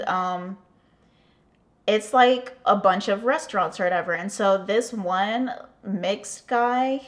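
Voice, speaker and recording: Chatty American woman telling a story. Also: medium pitch. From United States. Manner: chatty, profane, many fillers, animated retelling. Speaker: vlogger. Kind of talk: casual storytime.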